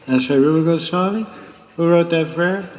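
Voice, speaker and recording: A man's voice: a little high, moderate pace, a little hiss or hum. Man teaching a devotional class, echoey hall. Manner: lively, teasing storyteller. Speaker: spiritual teacher.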